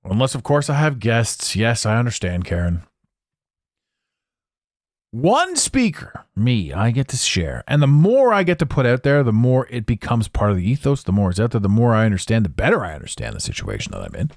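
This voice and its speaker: A man hosting a solo podcast, rambling in a jokey, animated way into a close microphone. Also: lowish voice, fairly quick, no echo. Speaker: podcast host. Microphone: close studio mic.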